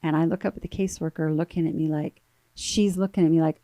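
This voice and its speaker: A woman in her thirties recounts her own story as an interview guest, earnest and halting as she repeats words. Her voice sits on the low side and sounds dry and close. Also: fairly even intonation, mellow, dry recording. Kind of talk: emotional personal storytelling.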